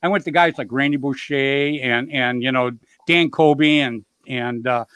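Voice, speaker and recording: A man's voice: medium pitch, unhurried, a bit bright, smooth, no room sound. A middle-aged man hosting a show, telling stories in a rambling, upbeat way and dropping "you know" constantly. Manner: upbeat, jokes about himself. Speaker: show host. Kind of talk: casual storytelling chat.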